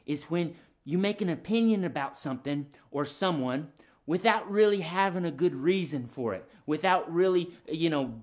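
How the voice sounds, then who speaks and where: A man hosting a children's show, chatty and encouraging, talking straight to the kids watching. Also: a little high. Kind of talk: friendly children's show patter.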